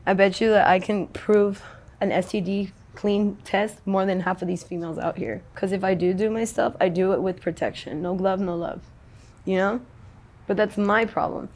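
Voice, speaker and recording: A woman's voice: medium pitch, fairly even intonation, normal speed, darkish tone. A young adult woman in a casual street interview, talking in a rambling, slangy, profane way.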